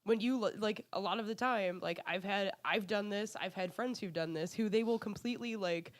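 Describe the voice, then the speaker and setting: A woman's voice: medium pitch, moderate pace. A woman who is a guest on a casual podcast, chatty and giggling often. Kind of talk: casual chat.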